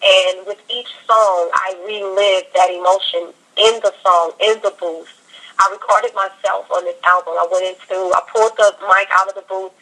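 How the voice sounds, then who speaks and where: A woman singer in a casual interview, talking in an upbeat, heartfelt way and telling lively stories. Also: mid-range voice, moderate pace, poor audio.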